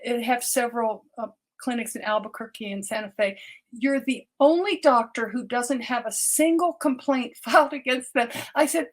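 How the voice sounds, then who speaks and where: In a slightly high voice, an older woman doctor earnestly recounts her personal story on a podcast, often starting sentences over and repeating words.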